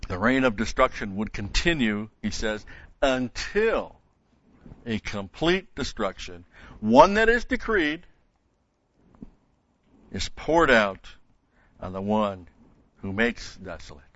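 A man's voice: fairly low pitch, lively intonation, takes it slowly, fairly bright tone, no echo. A man delivering an expository sermon as a Bible teacher, stressing points by repeating key words. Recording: dull, dry lo-fi recording.

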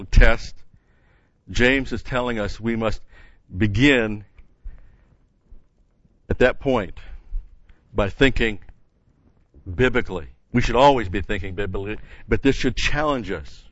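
A man's voice: fairly low pitch, fairly bright tone, no room sound, muffled recording. A man teaching a Bible study in an earnest, emphatic way, stopping often with "uh" and restarting phrases.

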